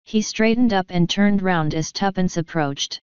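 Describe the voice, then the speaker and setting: A woman narrating an audiobook in a measured, even reading voice. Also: fairly low pitch, clear, resonant tone, dry recording. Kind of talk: scripted narration. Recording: dull lo-fi dry recording.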